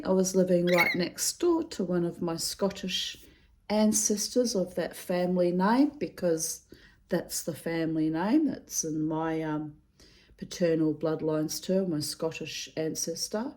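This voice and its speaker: A woman's voice: fairly low pitch, animated, measured pace, mellow. A woman doing her daily readings, talking in a rambling, digressive way, swearing freely and laughing often. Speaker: reader giving daily readings. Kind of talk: rambling casual monologue.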